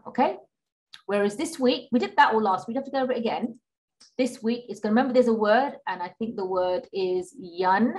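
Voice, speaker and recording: Patient woman teaching Qur'an reading. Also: fairly low pitch. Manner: patient, repeats and checks with "okay?"; models Arabic sounds slowly, drawn out. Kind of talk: online class lesson.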